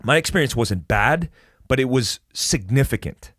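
Guy on a podcast telling a crazy story, swears constantly, pitch all over the place, dead dry sound. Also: normal speed, no echo. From United States. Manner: animated, heavy swearing, restarts. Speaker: podcast guest. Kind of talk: casual storytelling interview.

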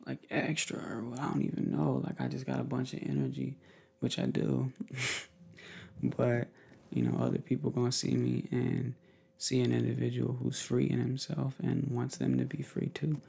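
Gravelly, husky man in ASMR chat. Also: medium pitch, moderate pace, darkish tone. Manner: rambling, upbeat, affectionate, talks straight to viewers. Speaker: ASMR creator. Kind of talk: casual ASMR chat, half whispered.

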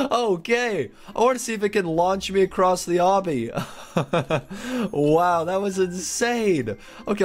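A young man giving excited game commentary, narrating each move with gasps, laughs and chatter to his viewers. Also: a little high. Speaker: gaming YouTuber.

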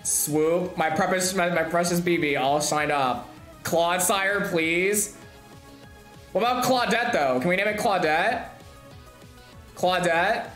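A young woman streaming a game, chatting to her viewers, bubbly and laughing as she squeals with excitement. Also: lowish voice, slow pace, long pauses. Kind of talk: excited gameplay streaming chat. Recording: echoey room with music behind.

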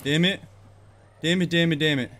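Excitable young man streaming gameplay. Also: on the high side, moderate pace, slight background noise. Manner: excitable, yelling at opponents. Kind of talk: live gameplay commentary.

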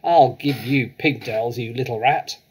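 A man's voice: medium pitch, big pitch swings, brisk, a little mellow, slightly rough. A man reading aloud, voicing a huge, bullying headmistress who barks and bellows at a child. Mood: bellowing. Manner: barking, bellowing.

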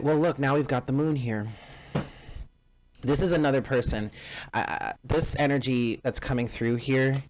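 Low-voiced man giving a tarot reading. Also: slight background noise, rough recording. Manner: emphatic, repeats phrases, addresses listeners directly. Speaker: tarot card reader. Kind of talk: casual spoken tarot reading to viewers.

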